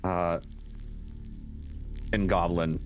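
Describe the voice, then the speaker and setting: A man playing a tabletop game, hesitant and thinking out loud. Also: low voice, little pitch movement, drawn-out words, soft background music. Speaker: player. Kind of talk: casual tabletop play.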